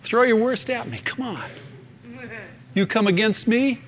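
A man's voice: high voice, animated, a little slow. A man preaching a sermon with fervor, acting out scenes in sudden bursts. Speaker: pastor.

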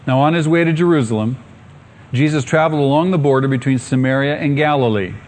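A middle-aged male pastor preaching a sermon, rising to excited calls and asking the congregation questions. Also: medium pitch, fast.

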